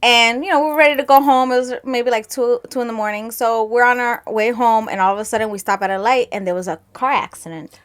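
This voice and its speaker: A woman's voice: fairly high pitch, fast. A young woman co-hosting a podcast, telling stories in casual chat and laughing through them. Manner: animated storyteller, laughs through her stories. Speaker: podcast co-host.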